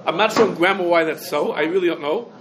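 A man's voice: a little high, fast talker, a bit bright. A man teaching a Torah lesson on prayer wording, thinking aloud and mixing Hebrew and Yiddish terms into his English. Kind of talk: halachic lecture.

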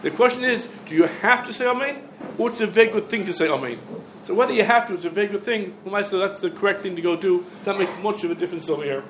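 Animated man teaching a Torah class. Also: sits high, quick pace, noisy background. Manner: animated, asks and answers his own questions. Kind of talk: halacha class lecture. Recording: echoey room with faint ambience.

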